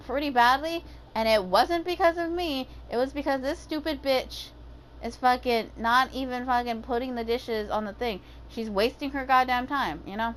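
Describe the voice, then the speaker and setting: A woman's voice: high voice, normal speed, fairly bright tone, slight background noise, poor audio. A woman ranting casually about her day, swearing heavily and using lots of fillers. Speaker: gaming vlogger.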